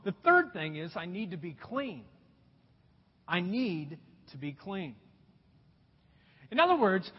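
Brief: animated male pastor addressing folks, high, lively delivery, long hall reverb. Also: breathy edge. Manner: animated, addresses listeners as folks, asks rhetorical questions. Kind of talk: sermon. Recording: echoey hall, dull lo-fi sound.

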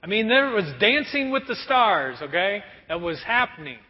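A pastor preaching a sermon in a conversational, animated way. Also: male voice, high-pitched, normal speed. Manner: animated, conversational, acts out prayers. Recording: dull recording with long hall reverb.

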